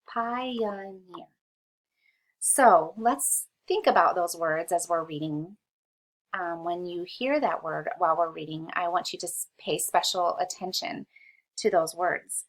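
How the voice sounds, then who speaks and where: This is a read-along history lesson in which a woman teacher patiently sounds out words for young children at a slow pace. Her voice sits lowish and is a bit bright, on a low-quality recording.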